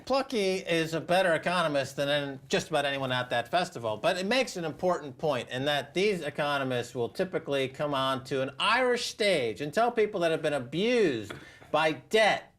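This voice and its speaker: A man hosting a show, giving sardonic financial commentary in an animated, mocking way and laughing often. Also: on the high side, normal speed. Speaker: show host.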